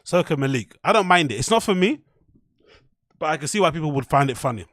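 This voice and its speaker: A man with a slightly higher voice hosts a podcast, giving chatty, opinionated reactions to a clip. He is recorded on a close, dry mic with no room sound. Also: lively intonation, quick pace, fairly bright tone, no room sound. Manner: chatty, opinionated, talks straight to the viewers. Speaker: podcast host. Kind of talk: casual commentary reacting to a clip.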